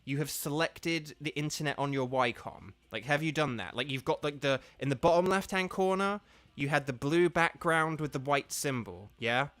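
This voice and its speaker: A man's voice: a little high, normal speed, a bit bright, no room sound. A man streaming a game live, patiently explaining steps to his viewers in a casual, chatty way full of fillers.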